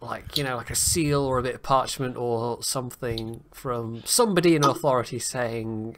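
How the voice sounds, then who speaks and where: A man's voice: mid-range voice, moderate pace, hardly any pauses, background noise. A man playing a tabletop game, asking questions casually and hesitantly with many fillers. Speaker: player.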